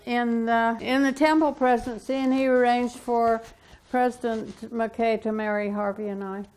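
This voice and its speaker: A woman gently recalling her grandmother with amusement. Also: fairly high pitch, fairly even intonation, moderate pace, faint music behind. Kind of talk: oral history reminiscence.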